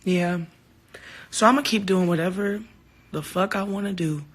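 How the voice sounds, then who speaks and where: A woman's voice: mid-range voice, normal speed, slightly rough. A woman talking casually to her fans on a phone livestream, heartfelt and open, swearing now and then. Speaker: singer hosting a livestream.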